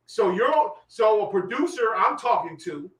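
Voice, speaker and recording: A man's voice: high-pitched, big pitch swings, a little slow, a bit bright. A man hosting a casual talk, teasing his guest in a playful, slangy way. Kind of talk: casual podcast conversation. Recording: echoey room, mic distant, faint noise.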